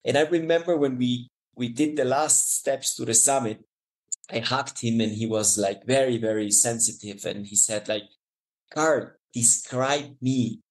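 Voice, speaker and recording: A man's voice: mid-range voice, fairly even intonation, moderate pace, rough recording. Male guest, Ecuadorian Spanish accent, mountain guide; earnest, emotional anecdote style. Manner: warm, emotional, frequent restarts and laughs. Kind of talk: storytelling interview answer.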